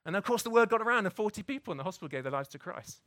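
A man's voice: high-pitched, animated, racing, a bit bright. A man preaching a conversational sermon, full of restarts and tag questions like "isn't it?". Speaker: pastor.

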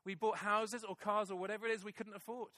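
High, bright-voiced preacher. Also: male voice, little pitch movement, quick pace, no echo. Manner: emphatic, repeats key phrases for weight. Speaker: pastor. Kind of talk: sermon. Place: church hall with congregation.

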